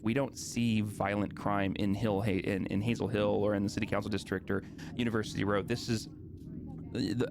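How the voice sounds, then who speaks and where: A man's voice: on the low side, background noise, lightly acted. A man voicing a flustered female guard sergeant who rambles and hesitates. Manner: rambling, hesitant, many fillers.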